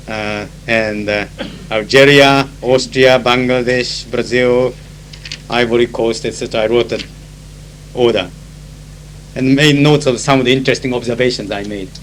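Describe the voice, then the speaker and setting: Heard on an old, humming tape with poor sound, a conference interpreter with a Japanese accent keeps a recorded diary. His medium-pitched voice is fairly bright, and he rambles through anecdotes full of fillers, dropping into Japanese to explain certain phrases.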